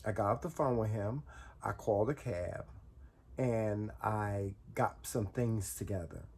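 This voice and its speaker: A man's voice: on the low side, a little slow, darkish tone, slight background noise. A man casually telling viewers a personal story, rambling and repeating words as he goes.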